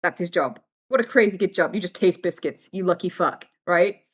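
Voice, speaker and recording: A woman's voice: lowish voice, moderate pace, breathy edge. A young British woman chatting casually on a livestream, frank and swearing freely as she tells stories.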